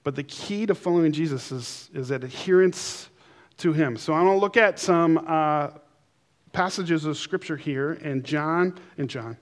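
A man preaching a sermon, telling stories with playful voices, then slowing and softening for emphasis. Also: on the high side. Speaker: pastor.

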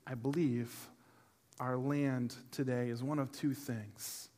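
A middle-aged man, a pastor preaching to a church congregation, telling a personal story with humor and animation, then turning softer and earnest. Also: mid-range voice, steady tone, slow. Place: church service before a congregation.

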